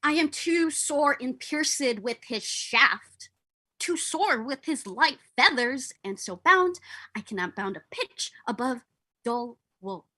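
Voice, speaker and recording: A lovesick, brooding young man, as a young woman reads him in a livestreamed Shakespeare reading. Her voice is high and bright, and she takes the verse slowly, with weight. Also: lively intonation, full character voice, low-quality recording. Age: young adult. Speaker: volunteer reader.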